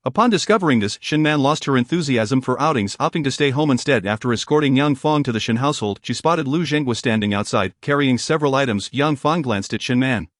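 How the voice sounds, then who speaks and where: A man narrating a romance story in an even, measured reading voice. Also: mid-range voice, no echo, clean studio sound.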